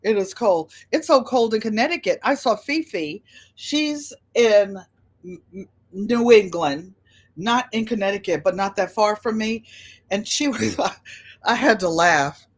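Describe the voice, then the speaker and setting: A woman's voice: mid-range voice, lively intonation, a little slow. An older woman chatting casually on a livestream, rambling from story to story and greeting viewers by name. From United States. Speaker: livestream host.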